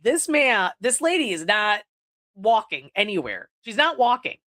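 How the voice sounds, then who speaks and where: Indoors and on video, a podcast host recaps a horror film in a relaxed way, cursing freely and leaning hard on "like." Her voice sits at medium pitch with big swings, moves a little slowly, and sounds fairly bright.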